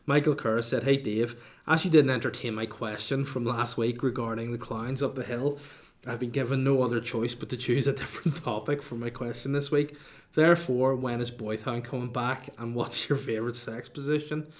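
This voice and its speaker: A man's voice: medium pitch, steady tone, normal speed. A man hosting a casual solo podcast, chatting cheekily and reading out listener questions. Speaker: podcast host.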